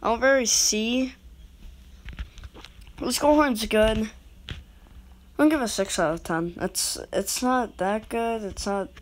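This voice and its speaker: A woman rates goal horns in a casual vlog, rambling, cutting herself off, and speaking directly to her viewers. Her voice is fairly high and a little slow, with frequent pauses and slight background noise.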